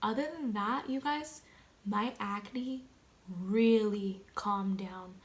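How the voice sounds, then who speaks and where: A woman's voice: medium pitch, slow pace. A young woman vlogging casually to camera, chatty and slangy, talking straight to her viewers. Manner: chatty, slangy, animated, addresses viewers as "you guys". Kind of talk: casual direct-to-camera vlog.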